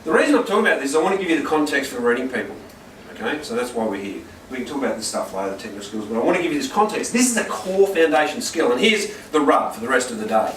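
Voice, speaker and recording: A man, a corporate trainer telling stories to a workshop audience and often checking for agreement. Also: a little high. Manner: energetic storytelling, asks the room for agreement. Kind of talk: workshop talk to a live audience. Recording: roomy and distant, with noise.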